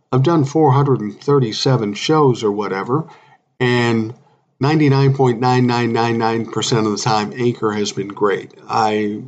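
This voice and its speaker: A man's voice: mid-range voice, a little mellow, lo-fi sound, a little hiss or hum. A man in his sixties hosting a solo podcast, talking bluntly and irritably, swearing often. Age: 60s. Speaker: podcast host.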